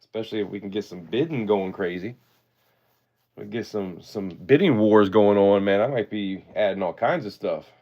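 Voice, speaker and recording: A man's voice: lowish voice, moderate pace, muffled recording. A man hosting a live-stream auction, chatting in a laid-back way and thanking his viewers often.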